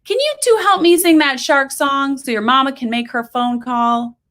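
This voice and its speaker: A woman voicing a cheery grown woman who coaxes small children in a booming, sing-song voice, during a story reading. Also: normal speed, fairly bright tone. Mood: cheery coaxing.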